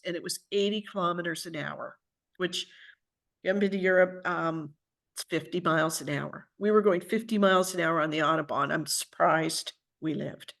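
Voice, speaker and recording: Older woman telling a story, animated and chatty. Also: lowish voice, moderate pace, creaky. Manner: animated, chatty, acts out what people said. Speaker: author and guest speaker. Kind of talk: conversational storytelling talk. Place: at home.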